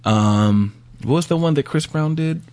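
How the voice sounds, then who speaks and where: A man's voice: fairly high pitch, animated, measured pace, a little mellow. A man co-hosting a podcast, chatting casually, rambling and laughing often. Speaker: podcast co-host. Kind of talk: casual chat.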